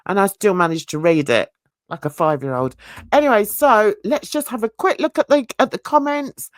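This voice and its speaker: A woman's voice: mid-range voice, moderate pace, no echo, studio quality. A woman hosting a true crime channel, reading viewer comments aloud in a casual, self-mocking way, stumbling over words and laughing at herself.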